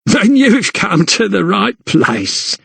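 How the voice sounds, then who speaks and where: A man's voice: high voice, very animated, slow, creaky, a bit bright, husky, no echo, pitched above the performer's own voice, full character voice. A coarse, cackling tavern bawd who has seen every sort of man walk through her door, put on by a male narrator. She talks with a knowing, mocking edge, in a dry close recording for an audiobook. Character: fat scarred old tavern bawd woman, cackling.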